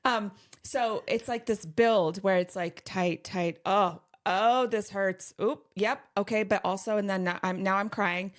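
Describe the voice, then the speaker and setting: A woman's voice: mid-range voice, a little slow, hardly any pauses. A middle-aged woman co-hosting a podcast, telling a rambling personal story full of "like" and restarts. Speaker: podcast co-host. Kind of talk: casual podcast chat.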